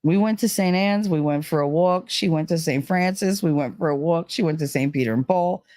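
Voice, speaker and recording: A woman's voice: fairly low pitch, a little fast, dark tone, dry recording. Woman rambling thru a story, lots of like and you know, dry close sound. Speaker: vlogger. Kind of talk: casual storytelling.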